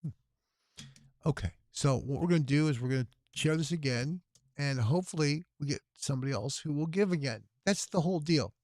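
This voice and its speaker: A sleep-deprived man running a long telethon stream talks casually to viewers, muttering under his breath while typing at his computer. His voice is a little high, a little fast, and slightly mellow, with studio-quality audio and no echo.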